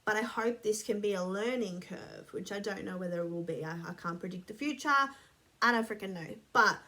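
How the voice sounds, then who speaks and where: A woman's voice: medium pitch, fairly quick, sharp tone. A woman rambling casually to camera, blunt and sweary, a bit sniffly. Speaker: vlogger.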